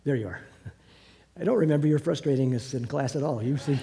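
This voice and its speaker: A man's voice: mid-range voice, fairly quick, over a noisy crowd. An older man teaching a Bible class over a video call, musing aloud with many restarts.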